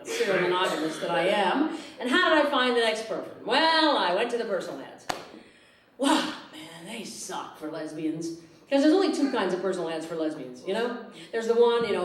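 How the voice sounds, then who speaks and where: A woman's voice: mid-range voice, very animated, brisk, a crowd in the background. A woman performing a stand-up comedy set in a theatre, acting out the people she quotes and often laughing through her lines. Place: theatre stage before a live audience. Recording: roomy live theatre recording, mic at a distance, audience noise. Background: audience laughter.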